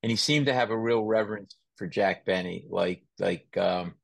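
A man hosting a podcast, telling lively stories in casual chat, laughing often and mimicking voices. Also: lowish voice, normal speed, creaky, dry recording. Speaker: podcast host.

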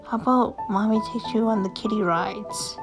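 A woman voicing a gentle young mother who coaxes and soothes her child. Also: medium pitch, steady tone, normal speed, lightly acted, low-quality recording. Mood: soothing. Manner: soothing, coaxing. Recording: music playing behind.

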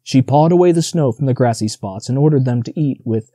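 This audiobook is read by a man with a mid-range voice, his delivery even and measured. The sound is studio grade and dry.

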